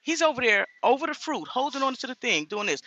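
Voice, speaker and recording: A woman's voice: high voice, pushed and bright. Blunt woman ranting to camera. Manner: indignant, blunt, addresses viewers as y'all. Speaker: vlogger. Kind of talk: casual vlog talk to viewers.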